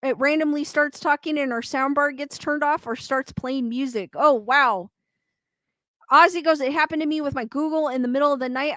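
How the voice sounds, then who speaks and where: A woman with a high, bright, sharp voice chats casually as a stream host, reading out comments and breaking into frequent laughs. The sound is close and dry, with no room around it. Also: dry recording. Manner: chatty, laughs often, reads comments aloud. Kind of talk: casual chat.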